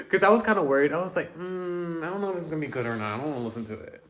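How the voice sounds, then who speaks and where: Lively, animated male music reviewer. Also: on the high side. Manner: animated, chatty, quick asides, dramatic outbursts. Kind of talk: casual reaction review.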